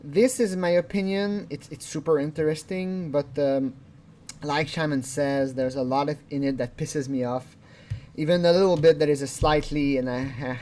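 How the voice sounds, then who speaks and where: A man's voice: mid-range voice, darkish tone. A man hosting a casual video commentary, rambling along with chuckles and restarts. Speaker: channel host.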